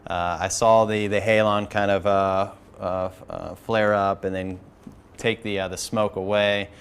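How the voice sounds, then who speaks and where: A man from the aircrew recalling an incident in an interview, speaking haltingly with many fillers. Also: fairly low pitch, little pitch movement, smooth. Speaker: aircrew member recounting an incident. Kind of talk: interview recollection.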